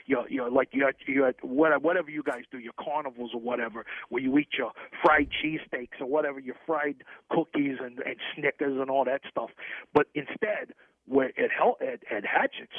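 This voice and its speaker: A man's voice: creaky, no room sound. A man playing a brash, shady middle-aged hustler with a North Jersey accent, rambling and boasting in a comedic sports radio bit. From New Jersey. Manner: boastful rambling pitchman, hard sell. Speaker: comic caller character. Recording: tinny, dry phone line.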